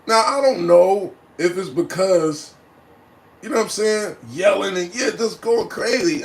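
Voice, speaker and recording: Animated man telling a laughing story. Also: high-pitched, a little slow, creaky, a little hiss or hum. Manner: animated, laughing, frequent "right?" tags; acts out voices and loud cries. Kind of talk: casual storytelling.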